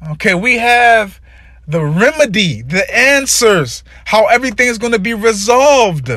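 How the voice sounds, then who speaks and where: A man's voice: sits high, very animated, unhurried, pushed and bright, no echo. A man giving a fervent, profane sermon, reading scripture aloud and stumbling over many filler sounds. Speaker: preacher.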